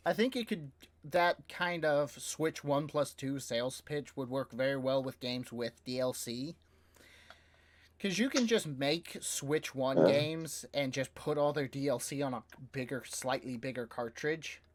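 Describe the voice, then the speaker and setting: A man's voice: mid-range voice, unhurried. A young man co-hosting a casual podcast, rambling with fillers and laughing easily as he chats. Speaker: podcast co-host. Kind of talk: casual chat about video games.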